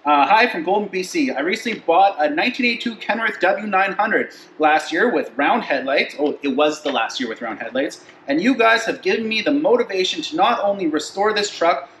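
A man co-hosts a relaxed chat, reading fan notes aloud and tripping over names. His voice sits a little high. The sound is roomy and echoey, with faint noise in the background. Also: normal speed, few pauses. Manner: reads messages aloud, chuckles, stumbles on names. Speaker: co-host reading supporter shout-outs. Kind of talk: casual chat.

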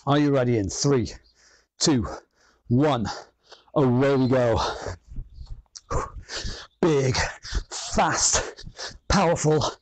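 A man's voice: mid-range voice, a little mellow, no room sound. A man leading an online workout class, counting down rounds and encouraging people in an upbeat way. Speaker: fitness instructor.

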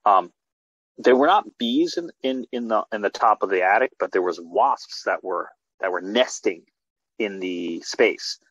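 A man with a fairly low, husky voice talks as a filmmaker guest in a casual interview. He tells his stories animatedly, restarting phrases as he goes. The sound is dry and dull, like video-call audio. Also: a little slow, no room sound. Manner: animated storytelling with many restarts.

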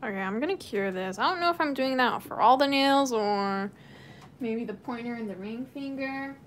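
A woman's voice: a little high, animated, moderate pace, slight background noise. A young woman doing her nails on a casual live stream, chatting and laughing often. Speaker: nail artist streamer.

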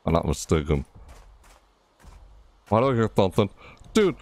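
A man with a fairly low voice talks viewers through a horror game. His delivery is bouncy and animated, swinging up sharply whenever something startles him, and he reads the on-screen prompts aloud as he goes. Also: a little slow, slight background noise. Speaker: gameplay streamer. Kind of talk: casual horror game commentary.

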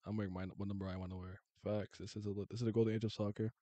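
A man hosting a casual sports chat, blunt and animated, swearing freely and restarting his sentences. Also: on the low side, rapid-fire, no room sound, highs cut off.

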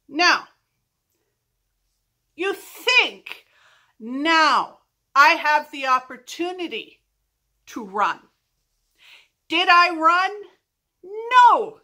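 A middle-aged woman telling a storytime vlog in an animated, self-mocking way. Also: high-pitched. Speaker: vlogger.

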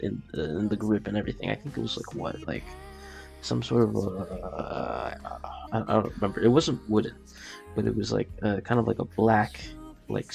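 A man's voice: fairly low pitch, creaky, darkish tone. A young man casually telling a personal story, rambling with fillers and acting out quotes.

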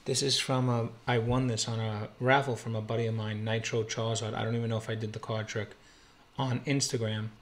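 A man's voice: medium pitch, level tone, brisk. A man opening trading card packs at home for his channel, calling out each card and exclaiming over a rare pull. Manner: thrilled, exclamatory, calls out cards. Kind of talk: excited pack-opening vlog. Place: home, quiet room.

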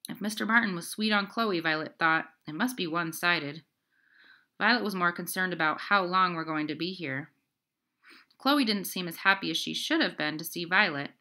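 A woman reads a novel aloud in an even, steady storybook narration. Her voice sits low for a woman. It carries a bright, forceful tone. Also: normal speed. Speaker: audiobook reader. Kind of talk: scripted narration.

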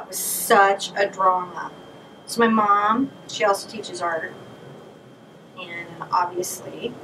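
A woman teaching a paint-along painting lesson, chatting and telling lively stories with playful asides as she works. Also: fairly low pitch, distant mic, noisy background. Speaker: painting instructor. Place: home art studio.

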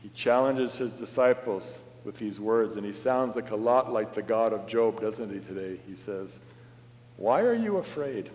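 A man preaching a sermon as pastor in a church, slow and dramatic, swinging from loud to hushed. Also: lowish voice, steady tone, long reverb tail. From Canada. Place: church sanctuary.

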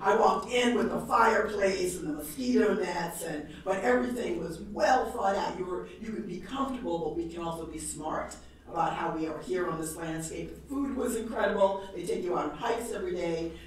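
A woman from New York giving a lecture, telling stories in a lively, humorous way. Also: on the low side, normal speed, few pauses, slight background noise. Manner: animated, humorous storytelling with laughs. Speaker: guest lecturer. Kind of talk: storytelling lecture. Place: large lecture hall. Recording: echoey hall, voice from far off.

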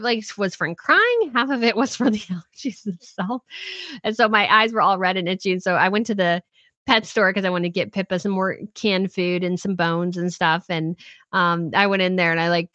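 A woman's voice: mid-range voice, bright, forceful tone, no room sound, dull audio. Chatty woman host reading chat. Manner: chatty, rambling, reads viewer comments aloud. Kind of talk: casual livestream chat.

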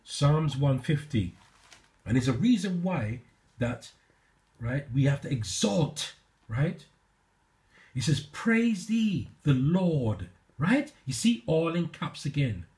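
A man's voice: on the high side, very animated, darkish tone. A man teaching from scripture in response to a played clip, emphatic and constantly checking in with "right?" and "okay?". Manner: reads verses aloud slowly, then argues back. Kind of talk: preaching commentary on a played video.

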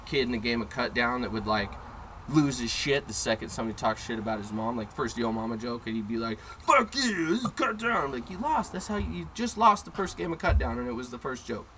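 A man co-hosting a casual podcast, telling a story in a brash, profane, animated way, recorded in a car. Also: mid-range voice, fast talker, slight background noise, low-quality recording. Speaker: podcast co-host. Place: inside a car.

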